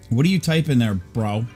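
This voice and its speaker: A man's voice: medium pitch, darkish tone, breathy edge. A man hosting a livestream, chatting casually and laughing often. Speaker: livestream host. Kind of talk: casual chat.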